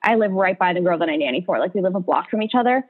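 A woman's voice: lowish voice, expressive, very fast. A young woman hosting a podcast, telling stories in casual chat and leaning heavily on "like". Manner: chatty storyteller, heavy "like" filler. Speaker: podcast host. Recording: tinny phone-like line.

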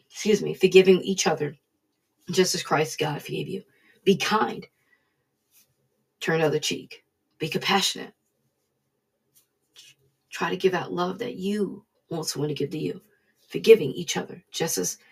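A woman giving an informal devotional talk in an earnest, preaching manner, sometimes dropping to a soft hush. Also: lowish voice, vocal fry, breathy edge. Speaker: devotional speaker.

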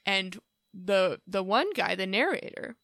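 A woman's voice: mid-range voice, big pitch swings, unhurried, a bit bright, dry recording, studio quality. A woman co-hosting a podcast in casual chat, playful and given to chanting lyrics and laughing. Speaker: podcast co-host.

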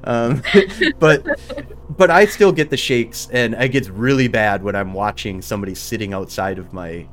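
A man hosting a gaming talk stream, chatting casually and excitably, swearing and acting out his own reactions with laughter. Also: on the low side, normal speed. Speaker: host of a livestreamed gaming talk show reading chat. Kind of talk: casual chat.

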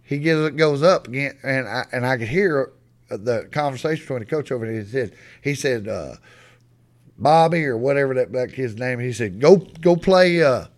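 Folksy, profane storyteller. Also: male voice, medium pitch, moderate pace. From west Texas. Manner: folksy, profane, animated yarn-spinner. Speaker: podcast guest. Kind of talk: storytelling in casual chat.

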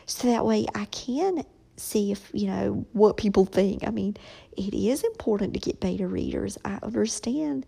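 Brief: middle-aged woman vlogger, husky and mellow, slow halting delivery. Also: medium pitch, low-quality recording. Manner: slow, reflective, halting with many ums. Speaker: author talking about her children's book. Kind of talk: casual personal vlog.

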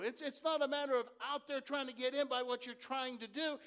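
Pastor, male, high tenor, fervent sermon delivery, rises to shouts then drops to a hush. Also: fairly even intonation, brisk, few pauses, clear, resonant tone. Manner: impassioned preaching that drops to a hush; calls for congregation responses. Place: church.

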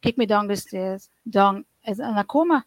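Middle-aged woman, earnest testimony, restarts a lot, mid-pitched voice. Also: normal speed, dry recording, rough recording. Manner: earnest, rambling, with frequent restarts and nonstandard grammar. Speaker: guest sharing her life story. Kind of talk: emotional personal testimony.

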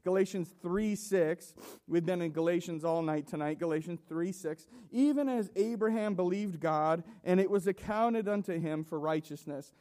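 Halting emotional young preacher, high voice. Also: male voice, dark tone. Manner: halting, repeats words, laughs nervously. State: emotional, coughing. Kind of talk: emotional sermon. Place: church.

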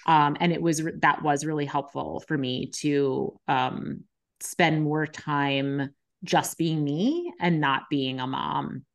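A woman's voice: low voice, steady tone, slow, creaky. A woman, a nurse and podcast co-host, telling her own story in an open, reflective way. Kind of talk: candid conversation.

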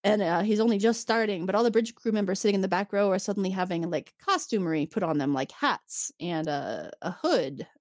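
A woman in casual chat, retelling an episode with lively storytelling and laughing often. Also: medium pitch, fairly quick, hardly any pauses, no echo, clean studio sound. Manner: animated storytelling, acting out characters' lines. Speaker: podcast co-host.

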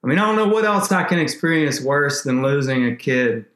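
A man, a podcast guest, telling an emotional faith story in a rambling, animated way with many restarts. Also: medium pitch, a little fast, reverberant.

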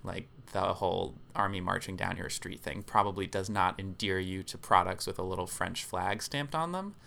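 A man with a deep, gravelly voice co-hosts a podcast and talks it through in an easy, explanatory way. He fills his pauses with ums. His tone is gritty but bright and forward. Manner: explanatory, many filler ums. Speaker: podcast co-host. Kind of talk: casual storytelling podcast chat.

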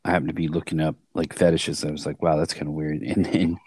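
A man's voice: a bass voice, little pitch movement, fast, a little mellow, husky, dry recording. A man hosting a casual podcast, asking joking questions and teasing his co-host. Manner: teasing, chuckling, loose phrasing.

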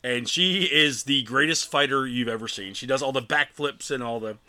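A man co-hosting a podcast, retelling a film scene by scene in a rambling, animated way. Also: medium pitch, moderate pace. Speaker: podcast co-host. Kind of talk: casual chat recapping a film.

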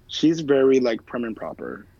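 A man's voice: medium pitch, sing-song, normal speed, warm tone, no room sound. A man in casual chat, telling stories in a rambling way, heavy on fillers and swearing. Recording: dull lo-fi sound, dry room.

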